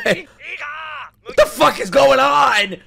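A man streaming a live anime reaction, excitable and profane, often shouting out his reactions to the show. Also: very high voice, takes it slowly, gravelly. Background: anime soundtrack and music playing.

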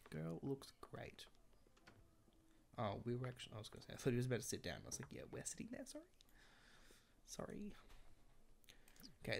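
Chatty creaky-voiced woman gaming. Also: a bass voice. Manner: chatty, wry, talks to the game characters. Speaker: gameplay commentator. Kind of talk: casual let's-play commentary.

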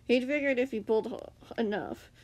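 A woman's voice: on the high side, moderate pace, a little mellow. A woman narrating her own fan story in a casual reading, with self-corrections and chatty asides. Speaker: fanfiction narrator.

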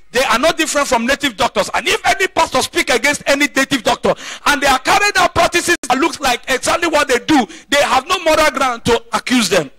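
A man's voice: extremely high pitch, animated, brisk, hardly any pauses, pushed and bright, no room sound. A male pastor preaching a sermon, emphatic, repeating points and calling out questions to the congregation. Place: church.

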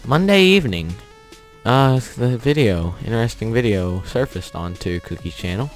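A man's voice: medium pitch, lively intonation, moderate pace, soft background music. A young man hosting a gaming channel, telling a story in a rambling, offhand way with chuckles while he plays. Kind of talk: casual commentary over gameplay.

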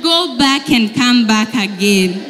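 A woman's voice: a little high, animated, slow, fairly bright tone, in a large hall, slight background noise. A woman playing a pompous, strict female English teacher who corrects her pupils. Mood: bossy. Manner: bossy, correcting.

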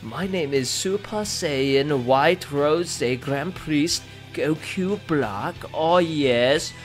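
A man putting on the voice of a smug, posh male villain, speaking in a slow, pompous drawl. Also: fairly high pitch, soft background music.

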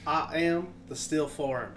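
A man's voice: on the high side, slow pace, a little hiss or hum, voice pushed down. Man playing a blunt, cursing space mechanic. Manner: blunt, swears casually. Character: grumpy future space mechanic who fixes failing machines. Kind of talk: character introduction in a board game.

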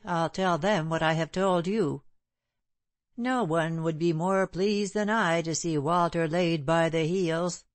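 A woman reading the part of a proud, bitter gentleman who speaks in a sneering, clipped way. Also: on the low side, no room sound, close to an everyday voice. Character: proud bitter middle-aged gentleman, scornful.

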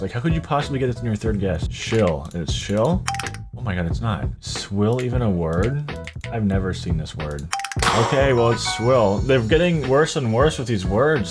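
A man doing casual gameplay commentary, thinking aloud, muttering word guesses and swearing at hard words. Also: lowish voice. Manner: greets viewers with "ladies and gentlemen". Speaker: gaming YouTuber.

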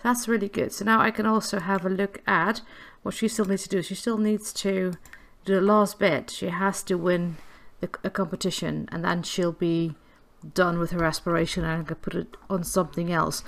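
A woman's voice: lowish voice, fairly even intonation, normal speed, creaky. A woman giving casual gameplay commentary, chatty and giggly, cooing affectionately at the characters on screen. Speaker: gameplay video creator.

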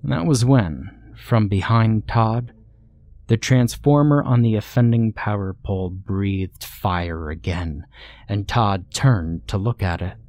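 A man reading a horror story aloud in a measured storytelling manner, as the channel's narrator. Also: lowish voice, darkish tone. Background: faint background music.

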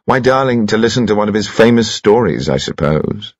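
A man's voice: on the low side, animated, brisk, no room sound, voice pushed up, lightly acted. A man reading an audiobook, voicing a dry, laconic detective teasing his mother. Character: dry, teasing detective son, middle-aged. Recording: dry, slightly dull lo-fi.

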